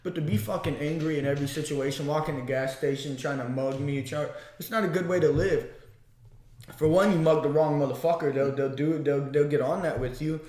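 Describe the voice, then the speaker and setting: A man's voice: on the high side, a little fast. Profane, rambling young man in an echoey room. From Missouri, US. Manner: profane, rambling, animated storytelling. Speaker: podcast guest, amateur kickboxer. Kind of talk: casual podcast chat.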